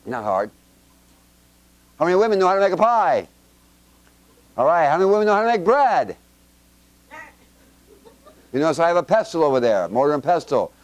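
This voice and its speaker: A man giving an informal Bible teaching to a congregation with children, firing quick questions at them in a chatty, joking way with homespun examples. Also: on the high side, big pitch swings, no echo. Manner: quizzes the audience with quick questions.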